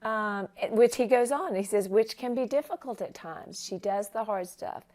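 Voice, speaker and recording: A woman's voice: fairly high pitch, moderate pace, darkish tone. A woman hosting a Christian talk show interview, moved to tears as she honors her guest. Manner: emotional, tearful while honoring her guest. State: tearful.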